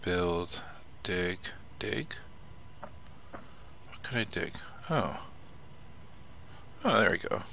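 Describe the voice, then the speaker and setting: Gravelly low-voiced man playing a game. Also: animated, very slow, pauses often, pushed and bright, a little hiss or hum. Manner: chatty, muttering to himself, swears when startled. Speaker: let's play host. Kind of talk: casual gameplay commentary.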